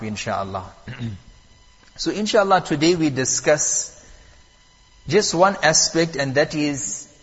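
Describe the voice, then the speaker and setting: A man teaching Quran recitation at a mosque, calm and patient, repeating and stressing the key points. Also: medium pitch, husky, in a large hall, dull audio. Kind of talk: lesson on Quran recitation rules.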